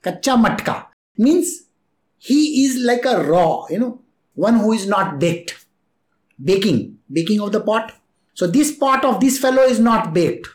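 A man tells a spiritual story in a relaxed, chatty way, chuckling often and slipping into the voices of the people in it. His pitch rises and falls widely. The sound is echoey, as if in a bare room. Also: a little slow.

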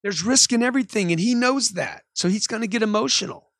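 Male sales coach, energetic monologue, voices customers in outbursts, dry studio sound. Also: high voice, quick pace, no room sound. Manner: animated, acts out customer quotes with sudden loud outbursts. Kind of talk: motivational monologue.

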